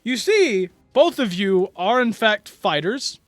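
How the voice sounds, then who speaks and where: A man voicing an excitable male tournament announcer who booms his announcements like a showman. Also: slow, dry recording, faint music behind, full character voice. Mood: showy, commanding.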